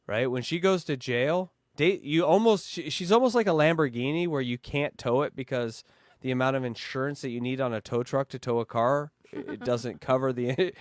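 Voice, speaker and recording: A man's voice: a little high, moderate pace, dry recording, clean studio sound. A man hosting a casual comedic podcast, bantering with laughs and swearing. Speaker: podcast host.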